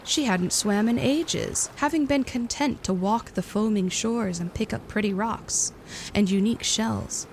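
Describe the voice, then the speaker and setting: Woman calmly narrating a storybook. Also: mid-range voice, unhurried, a little hiss or hum.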